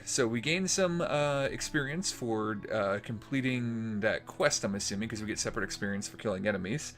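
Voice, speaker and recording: A man's voice: fairly low pitch, normal speed, few pauses, a bit bright, soft background music. Man giving casual game commentary. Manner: casual, rambling with fillers and restarts. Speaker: gaming channel host. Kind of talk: let's play commentary.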